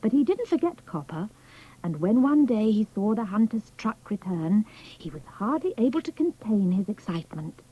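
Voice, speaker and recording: A woman narrating a children's storybook in a measured, expressive reading. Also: medium pitch, breathy edge, muffled recording.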